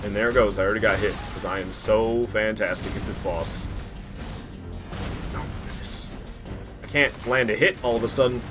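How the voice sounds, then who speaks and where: A man's voice: fairly low pitch, quick pace, few pauses. A man streaming a game, talking casually and swearing a lot as he rambles and reacts. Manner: profane, excitable, rambling. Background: faint game music.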